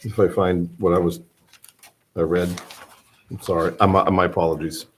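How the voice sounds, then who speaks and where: A man on a town select board, speaking haltingly and correcting himself as he raises points about meeting minutes. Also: low voice, little pitch movement, a little hiss or hum, rough recording. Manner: halting, self-correcting, apologetic. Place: town hall meeting room.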